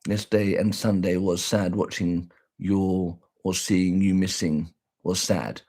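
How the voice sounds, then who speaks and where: A man's voice: low voice, level tone, unhurried, a little mellow. A man chatting casually on a livestream, playful and boastful, with teasing sing-song asides. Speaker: livestream vlogger.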